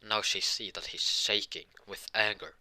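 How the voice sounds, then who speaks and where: A man improvising a fan-fiction story out loud, rambling and halting with many restarts and self-corrections. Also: fairly low pitch, fairly even intonation.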